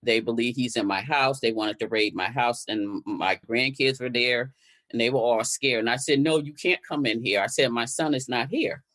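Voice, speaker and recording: An older woman from Connecticut, an activist and guest, recounts events in conversation and re-enacts the exchanges she quotes. She talks at a moderate pace in a bass voice that is a bit bright.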